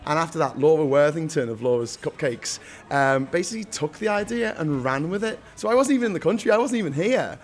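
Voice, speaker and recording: A man's voice: fairly high pitch, animated, fast talker. A young man with a Liverpool accent, chatting upbeat in an interview and laughing often. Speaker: founder of a local food day. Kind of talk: casual interview.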